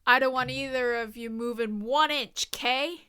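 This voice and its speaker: A woman's voice: fairly high pitch, measured pace, pushed and bright, clear, resonant tone. A woman doing a tough-talking gangster cop. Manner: old-time gangster drawl ending lines with "see?". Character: gruff male police detective, tough-talking. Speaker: streamer reading game dialogue.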